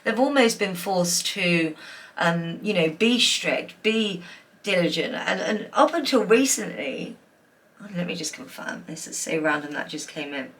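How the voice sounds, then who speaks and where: A woman's voice: on the low side, expressive, measured pace, fairly bright tone. A woman giving a pick-a-card tarot reading, emotional and gushing, with many fillers. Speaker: tarot reader.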